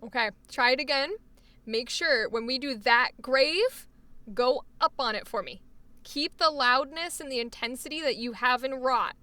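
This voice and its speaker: Bright high-voiced woman coach. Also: normal speed, no echo. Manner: animated explaining, laughs often. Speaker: voice acting coach. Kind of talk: coaching session.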